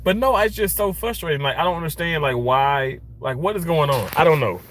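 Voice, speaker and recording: A man's voice: on the high side, expressive, brisk, a bit bright. A man ranting in a casual vlog from his car, frustrated and swearing as he rambles. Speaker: vlogger.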